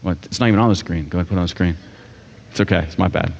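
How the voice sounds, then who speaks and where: A man's voice: low-pitched, racing, vocal fry, a little mellow. Guy preaching, jokey and laid back, dull sound, big echoey church. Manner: casual, joking preacher voicing characters. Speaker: pastor. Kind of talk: sermon. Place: church sanctuary.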